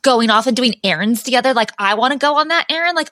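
Bright-voiced woman podcast host. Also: a little high, animated, quick pace, hardly any pauses, dry recording, studio quality. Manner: chatty, asks guest questions. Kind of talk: casual chat.

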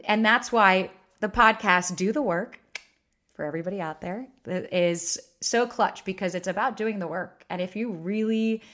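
A woman in her thirties talks straight to her listeners in a casual solo podcast. She speaks frankly and emphatically, swearing freely as she tells her stories. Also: mid-range voice. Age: 30s. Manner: frank, profane, emphatic storytelling. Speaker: podcast host.

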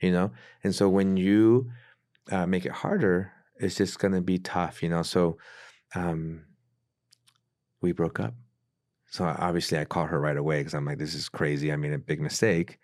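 A man with a deep, low voice tells his own story as a podcast guest. He speaks earnestly and casually, lowering his voice whenever he acts out a conversation. The sound is dry and close to the mic. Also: level tone, normal speed, dry recording. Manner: earnest storyteller who acts out quoted dialogue in a hushed voice. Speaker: pastor. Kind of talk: casual testimony in a podcast interview.

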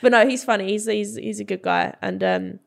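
Podcast guest: woman, 20s, very creaky, loose and chatty. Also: medium pitch, fairly even intonation, brisk. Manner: chatty, giggly, with lots of fillers. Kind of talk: casual chat.

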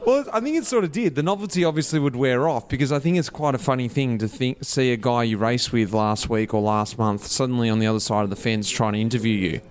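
Laid-back Australian man, mid pitch, eager and chatty, casual restaurant podcast. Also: fast talker, few pauses, slight background noise. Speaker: retired pro cyclist turned podcast co-host. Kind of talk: casual chat over drinks. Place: small restaurant.

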